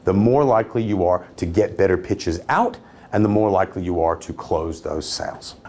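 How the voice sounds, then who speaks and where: Animated, confident male sales trainer. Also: fairly low pitch. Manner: confident, animated, uses downward inflection and cheeky humor. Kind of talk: instructional talk to camera.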